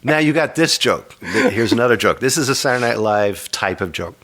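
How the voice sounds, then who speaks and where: A man with a very low, deep voice hosts a relaxed podcast chat. He rambles through stories and jokes, often amused by his own punchlines. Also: fairly quick. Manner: rambling, jokey, self-amused. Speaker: podcast host. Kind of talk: casual chat.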